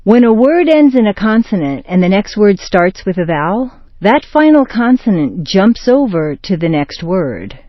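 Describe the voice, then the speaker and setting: An American woman teaching pronunciation, reading short example words and phrases with slow, exaggerated clarity. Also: medium pitch, very animated, dry recording, dull audio. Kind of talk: scripted pronunciation lesson.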